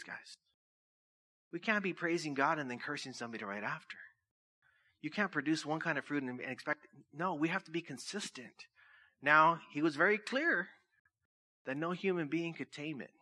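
A pastor giving a conversational sermon in a church, joking, laughing often and telling stories between scripture readings. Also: male voice, on the high side, normal speed, pushed and bright.

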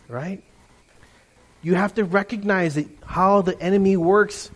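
A middle-aged man preaching a lively sermon to his congregation, animated and playful, often mimicking voices. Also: sits high, measured pace. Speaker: pastor.

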